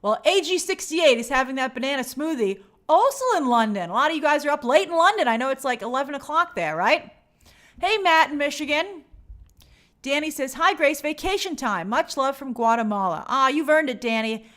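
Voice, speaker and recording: A high-pitched woman hosts a casual livestream. She chats upbeat and friendly, reading out viewer comments one after another. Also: animated, fairly quick, a bit bright. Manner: upbeat, chatty, reads viewer comments aloud. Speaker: host reading live chat.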